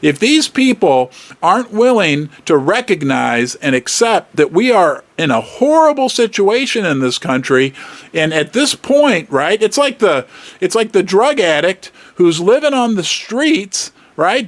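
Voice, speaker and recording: An emphatic male channel host talks straight to his viewers in casual commentary, exasperated and full of rhetorical questions. His voice sits high and swings up and down a lot. The sound is dry and close, with no room around it. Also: fairly bright tone, no room sound. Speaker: host of a precious-metals channel.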